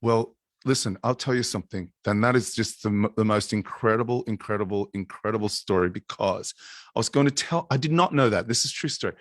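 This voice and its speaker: A man's voice: fairly low pitch, no room sound, studio quality. A man, a musician guest, telling a rambling story on a video call, with restarts. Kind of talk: casual chat and singing with guitar. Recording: guitar playing under the voice. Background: acoustic guitar.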